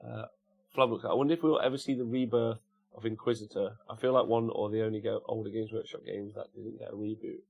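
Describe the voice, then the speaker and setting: Man, English Midlands accent, gravelly, husky voice, casual stream chat host. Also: on the low side, fairly even intonation, quick pace, highs cut off. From Cannock, England. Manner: reads out chat messages and answers them with jokes. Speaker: livestream host answering chat.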